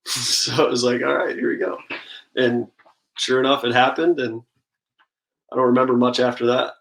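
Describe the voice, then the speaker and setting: A man in his thirties talks easily as a guest, spinning relaxed stories with lots of "like" and "I mean". His voice sits in a middling pitch and stays fairly level, rarely rising or falling much. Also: normal speed, vocal fry, poor audio. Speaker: guest, professional baseball pitcher. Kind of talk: casual interview chat.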